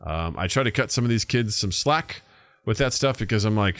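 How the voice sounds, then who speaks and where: A man's voice: lowish voice, a little fast, no echo. A man in his thirties co-hosting a podcast, telling stories casually and acting out what people say, with plenty of swearing. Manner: animated storytelling, acts out quoted voices, swears freely. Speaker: podcast co-host. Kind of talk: casual chat.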